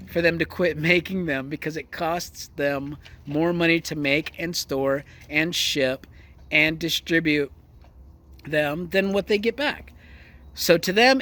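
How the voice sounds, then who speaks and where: A man's voice: a little high, expressive, measured pace, sharp tone. A man ranting casually about the news as a vlogger, crude and mocking, talking outdoors near a horse. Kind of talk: casual political rant.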